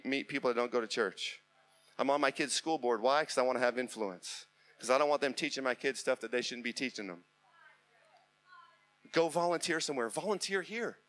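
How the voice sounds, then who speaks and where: A middle-aged male pastor preaching a sermon with urgent, repetitive exhortation that builds to impassioned near-shouting. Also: mid-range voice.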